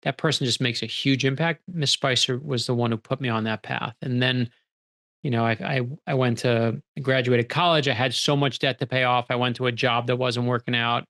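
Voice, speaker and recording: A man, a guest author, telling stories in an energetic, animated conversational way and acting out quoted dialogue. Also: mid-range voice. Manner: energetic, animated, quick bursts when excited. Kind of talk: conversational storytelling.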